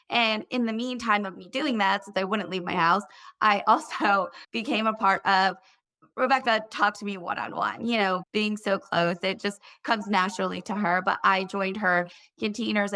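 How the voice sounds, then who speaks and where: Woman, 30s, interview guest, gravelly fry, bright tone, earnest, candid. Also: mid-range voice. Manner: earnest, candid, talks in quick bursts. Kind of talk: personal story in conversation.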